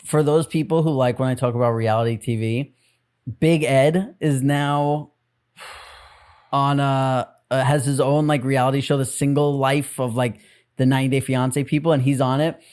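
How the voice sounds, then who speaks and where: Casting: co-host, lively storyteller, laughs through the story, mid pitch. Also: moderate pace, clean tone. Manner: animated storyteller, laughs while talking. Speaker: podcast co-host. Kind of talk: casual chat.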